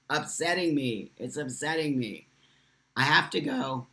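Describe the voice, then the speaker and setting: A man's voice: on the high side, lively intonation, measured pace, bright, forceful tone. A man hosting a live stream from a phone, impassioned and emphatic, repeating phrases for force while answering viewer comments.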